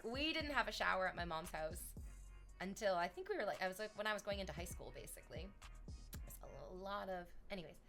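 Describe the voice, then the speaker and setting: A woman streamer talking casually and telling stories from her own life. She wanders off on tangents and swears without a second thought. Her voice sits at a middle pitch, with faint music playing in the background. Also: a bit bright. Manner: chatty, digressive, swears casually. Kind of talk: casual chat and personal storytelling.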